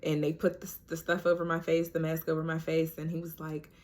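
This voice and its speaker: Woman vlogger kinda low voice, chatty, lots of "like" and "you know", talking to y'all. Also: monotone, fairly quick. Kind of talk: casual storytelling to camera.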